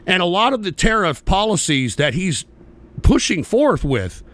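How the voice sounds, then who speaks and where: A man's voice: sits high, a bit bright, no room sound. A man hosting a political talk show, ranting aggressively and profanely and hammering his points home by repeating them.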